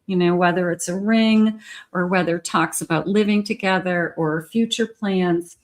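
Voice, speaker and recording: A woman's voice: medium pitch, steady tone, a little slow. A woman giving a collective tarot reading, talking chattily and directly to the viewer. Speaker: tarot reader.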